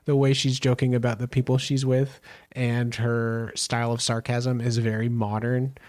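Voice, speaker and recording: A man's voice: mid-range voice, flat delivery, normal speed, a little mellow, no room sound. Laid-back man co-hosting a book podcast. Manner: laid-back, blunt, casual swearing. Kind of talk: casual book discussion.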